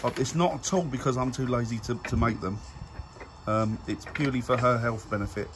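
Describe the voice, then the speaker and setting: A man's voice: mid-range voice, brisk, music in the background. A man vlogging casually in his garden, jokey and self-mocking about his family. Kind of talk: casual family vlog chat. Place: garden outdoors.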